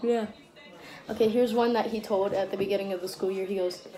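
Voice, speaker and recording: A teenage girl telling jokes casually, rambling and giggling as she goes, pitching her voice up for characters. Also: steady tone, fairly quick, dark tone. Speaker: joke teller.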